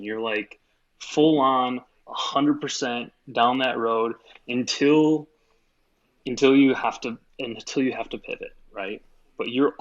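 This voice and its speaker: A man's voice: mid-range voice, a bit bright, lo-fi sound. A man co-hosting a podcast in casual chat, thinking aloud in a loose, reflective way with many fillers. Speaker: podcast co-host.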